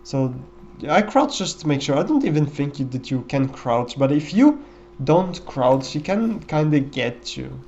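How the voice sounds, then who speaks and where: A man's voice: on the high side, big pitch swings, unhurried, few pauses, a little mellow, lo-fi sound, slight background noise. A man giving casual, rambling commentary over a game run, with many fillers and restarts. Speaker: gameplay commentator.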